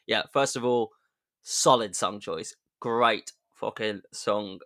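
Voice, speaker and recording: A man's voice: mid-range voice, steady tone, a little slow, a bit bright. A man hosting a comedic history podcast, chatty and jokey, with sudden emphatic bursts and asides. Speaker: podcast host.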